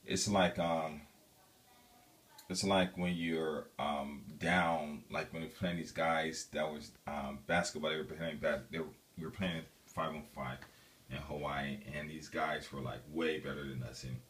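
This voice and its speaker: Very deep-voiced man telling a rambling story. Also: a little slow, far from the mic. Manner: animated storyteller, many fillers and restarts. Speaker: vlogger telling a personal story. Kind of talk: casual rambling monologue.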